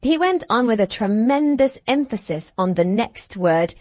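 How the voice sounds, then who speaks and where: A hard, bitter young schoolgirl full of satirical scorn, read by a woman in an audiobook. Her voice sits fairly high and swings widely as she mocks and shows off. The sound is dry and close. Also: expressive, unhurried, a little mellow, dry recording. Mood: scornful. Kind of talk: audiobook character reading.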